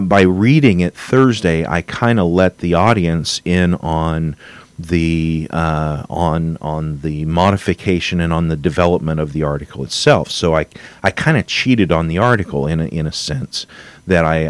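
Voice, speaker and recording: A man's voice: low voice, dry recording. A man hosting a solo podcast from his home office, rambling and restarting, getting wound up as he rants. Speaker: podcast host.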